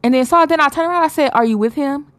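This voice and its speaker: Animated woman telling a story. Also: high voice, rapid-fire, dry recording. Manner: animated storytelling, swearing, acting out the people in her story. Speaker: podcast co-host. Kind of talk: casual chat.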